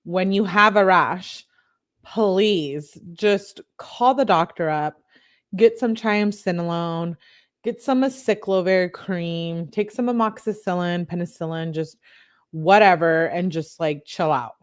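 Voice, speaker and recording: A young woman, a true-crime commentator, reads text messages aloud in a lowish voice at a slow pace. Between readings she's chatty and giggly, joking around.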